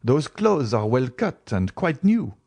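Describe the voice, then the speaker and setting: A man voicing an easygoing young male gentleman who speaks in a light, reassuring way, in an audiobook reading. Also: mid-range voice, sing-song, slow pace, creaky, slightly rough, no room sound, pitched above the performer's own voice, exaggerated voice. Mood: teasing. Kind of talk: audiobook character voice.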